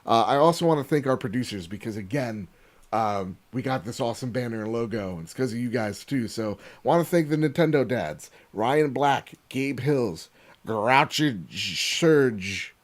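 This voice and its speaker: Man, podcast host, casual chat, excitable, swears a lot, mid-pitched, video call audio. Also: normal speed. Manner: excitable, swearing, rattling off thank-yous.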